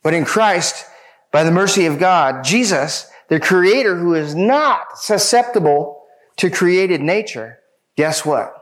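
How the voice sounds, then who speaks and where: A man preaching a sermon, speaking emphatically and addressing his listeners directly. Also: a little high.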